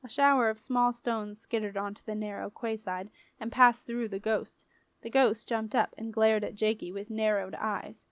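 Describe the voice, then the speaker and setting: A woman reading a children's fantasy novel aloud as an audiobook narrator, in a clear, even storytelling manner. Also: medium pitch, normal speed, no echo. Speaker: audiobook reader.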